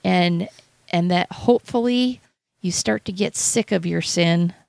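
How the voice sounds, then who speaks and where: A woman co-hosting a radio show, talking about the Bible in an earnest, halting way with many restarts. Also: fairly low pitch, gravelly, darkish tone, no echo. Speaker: radio co-host. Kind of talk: casual Bible talk.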